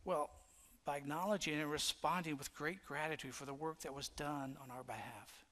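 A man's voice: a little high, normal speed, a bit bright. A male pastor giving a sermon in a church, telling a story in an earnest, reflective way. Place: church sanctuary.

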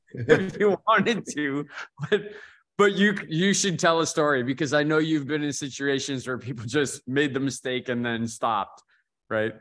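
A man's voice: on the high side, a little slow, a bit bright. A man hosting a casual martial arts chat, telling a road story and calling on each guest in turn. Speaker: podcast host.

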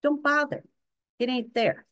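A woman's voice: high-pitched, steady tone, a little slow, a bit bright, lo-fi sound, voice pushed up. A woman voicing a weary, bitter older female hospital patient who talks plainly and sounds resigned, with folksy grammar.

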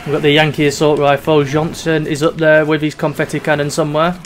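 A man's voice: on the high side, completely flat delivery, fairly quick, slight background noise. A young man giving casual, sweary commentary while playing a video game. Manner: chatty and sweary, drifting between mock despair and giggles. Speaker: gaming YouTuber.

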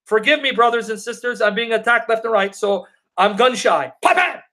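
His voice is high and sharp, with fairly even intonation, as he teaches the Bible during a live question-and-answer stream. Scripture is read aloud slowly and deliberately, viewer comments get answers, and he hammers each point by repeating his questions emphatically.

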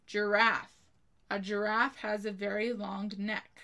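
This woman's voice sits in the mid range, steady and gravelly with a fairly bright quality. She is slowly teaching children to spell, going carefully letter by letter through each word and offering a sentence as an example.

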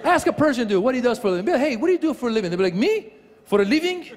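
A man performing a playful, animated stand-up comedy set on a large theater stage. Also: extremely high pitch, very fast, background noise. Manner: playful, animated, building to punchlines. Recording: live hall with loud crowd laughter.

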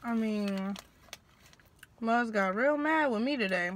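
A woman's voice: fairly high pitch, slow pace, long pauses. A young woman vlogger talking casually while eating, venting about her day in a blunt, profane, slangy way. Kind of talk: casual venting mukbang chat.

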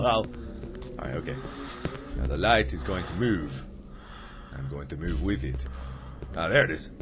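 Jumpy, yelping man playing a horror game. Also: mid-range voice. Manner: jumpy, shouts and yelps at scares, talks to the game. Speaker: let's play gamer. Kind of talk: horror gaming commentary.

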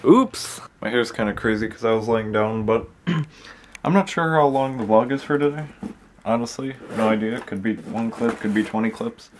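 A man's voice: fairly low pitch, moderate pace, slight background noise. A young man vlogging to camera from his parked car at night, sleepy and chatty, rambling to his viewers. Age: young adult. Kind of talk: casual vlog talk to camera. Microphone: handheld camera.

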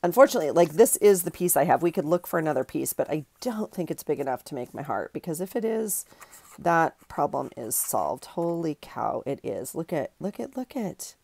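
Low, gravelly-voiced woman chatting while crafting. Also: big pitch swings, brisk, darkish tone. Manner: chatty, rambling, self-correcting, giggly. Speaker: craft channel host. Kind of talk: casual chat while crafting.

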